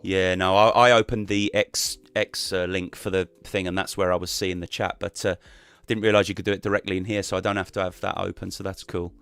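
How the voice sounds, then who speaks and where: A man with a relaxed, rambling way of talking, chatting casually as a guest on a live stream over a call mic. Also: sits low, fairly quick, vocal fry, hardly any pauses, clear, resonant tone, dry recording. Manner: relaxed, rambling, many fillers and restarts.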